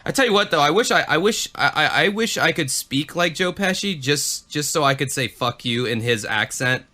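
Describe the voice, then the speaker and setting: Bright-voiced man cursing through casual chat. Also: a little high, normal speed. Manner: swears freely, animated. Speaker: podcast co-host.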